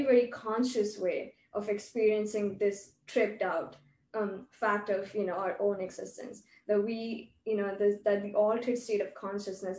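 A woman's voice: mid-range voice, mellow, a little hiss or hum. A woman hosting a podcast, musing at length in casual conversation with many fillers. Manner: reflective, filler-heavy, speculative. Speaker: podcast host. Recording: roomy, distant mic with faint ambience.

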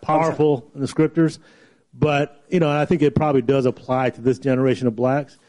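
A man co-hosting a talk show, speaking in a measured way and calmly disagreeing. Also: mid-range voice. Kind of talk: casual talk.

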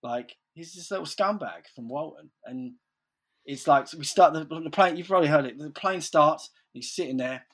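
A man's voice: a little high, normal speed. A man telling stories in casual chat, rambling, swearing freely and saying "like" constantly.

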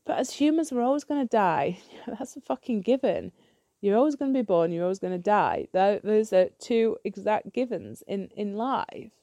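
Woman, solo podcast host, blunt swearing rant; warm tone, dry close recording. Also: mid-range voice, expressive, normal speed, dry recording. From United Kingdom. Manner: blunt, ranting, swears freely; repeats and restarts when heated.

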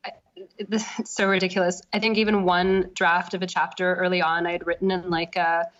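A woman novelist, interviewed, thinks aloud casually and hesitantly, filling her speech with fillers. Her voice is lowish and fairly bright, delivered flatly at a normal speed, and the lo-fi recording sounds slightly dull.

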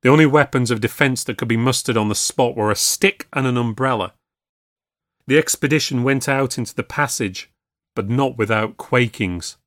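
A man narrating a ghost story in a measured storytelling way for a podcast. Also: mid-range voice, a bit bright, no room sound, clean studio sound.

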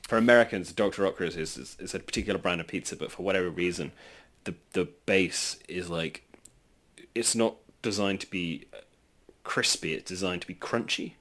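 Low-voiced British man. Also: normal speed, fairly bright tone. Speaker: podcast co-host. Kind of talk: casual chat.

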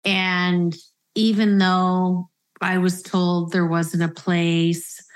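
A woman in her fifties hosting a podcast, speaking earnestly and reflectively, slowing down to stress key phrases. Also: fairly low pitch. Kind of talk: reflective conversational interview.

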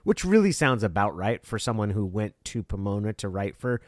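Animated laughing podcast co-host man. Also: brisk, dry recording, clean studio sound. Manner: animated, laughs and breaks into excited high bits. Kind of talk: casual sports-media chat.

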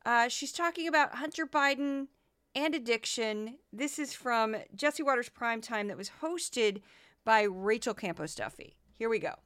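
A woman's voice: on the high side, lively intonation, normal speed, fairly bright tone, clean tone, no room sound. A woman hosting a commentary podcast, talking animatedly and slipping into goofy voices. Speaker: podcast host.

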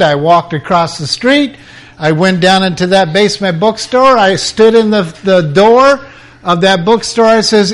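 Slow-spoken older man telling a testimony. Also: high-pitched, fairly bright tone. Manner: dramatic storyteller, voice rising at intense moments. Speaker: preacher. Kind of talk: personal testimony.

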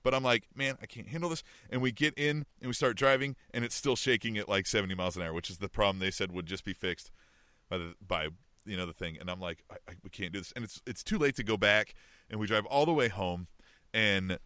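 A middle-aged man spins a long story on a podcast in a lively, swooping voice. His tone is bright and forward, and he keeps checking in with his listener. The sound is dry and close, with no room around it. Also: medium pitch, no room sound. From Kansas City area. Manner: animated, frequent "you know what I mean" and "right?". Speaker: podcast co-host. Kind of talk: casual storytelling chat.

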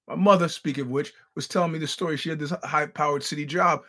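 A man's voice: fairly high pitch, fast talker, hardly any pauses, a bit bright. A man hosting a podcast, telling stories in a casual monologue, wry and blunt, acting out the quoted dialogue and often stammering over restarts. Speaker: podcast host.

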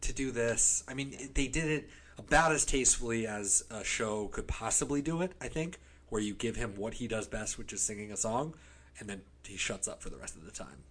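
A man's voice: fairly low pitch, animated, a little fast, fairly bright tone. A man co-hosting a casual chat, sarcastic and joking, sometimes slipping into silly voices. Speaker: podcast co-host.

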